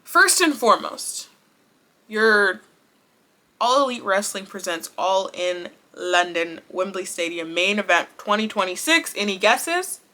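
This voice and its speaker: Woman wrestling vlogger, crisp bright tone, outspoken, laughs and cusses freely. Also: medium pitch, measured pace. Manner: animated and blunt, swears, laughs often. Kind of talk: casual vlog chat.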